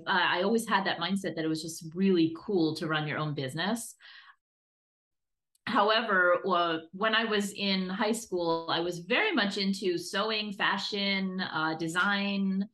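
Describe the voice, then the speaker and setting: Woman, middle-aged, bright tense voice, animated storytelling, casual interview guest. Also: medium pitch. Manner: animated storytelling, laughs often. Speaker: guest, creative director.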